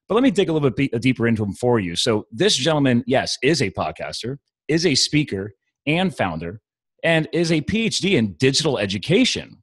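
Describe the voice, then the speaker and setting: A man hosts a podcast, chatting enthusiastically and rambling as he talks with a guest in a casual interview. His voice is medium-pitched with a breathy edge, and there's no echo.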